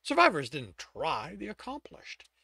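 A man reading his own novel aloud, dramatic and expressive, stopping to correct himself. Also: on the high side, a little slow, creaky, husky, dry recording. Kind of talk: audiobook narration.

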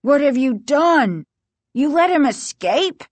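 An angry scientist father scolds and warns in slow, forceful words, as a woman puts him on. The storybook reading sounds dry and close. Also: fairly high pitch, animated, no echo. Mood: angry, alarmed.

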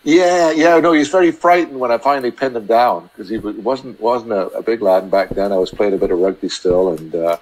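A man chatting as a podcast guest, telling long, halting anecdotes full of restarts. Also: lowish voice, darkish tone, low-quality recording. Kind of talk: casual storytelling chat.

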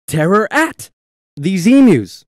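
A man's voice: high voice, big pitch swings, slow, a little hiss or hum, pitched above the performer's own voice, heavily acted. A man voicing a scheming, greedy defense minister who keeps blurting out slips and then covering them. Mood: sly.

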